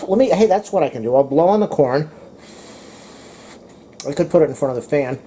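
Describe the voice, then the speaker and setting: A man with a mellow, somewhat high voice talks to his viewers in a casual home cooking vlog. He chats along loosely, even speaking to his dog between bites. A faint hum of noise sits behind him in his kitchen. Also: fairly quick. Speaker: cooking vlogger.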